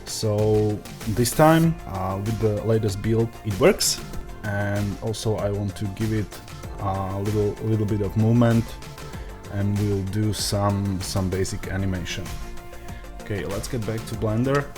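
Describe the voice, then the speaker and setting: A lower-voiced man with an Eastern European accent talks through a software tutorial at his computer, hesitating often with small fillers. Faint music plays behind him, with keyboard typing. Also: a little slow. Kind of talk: screen-recorded tutorial commentary.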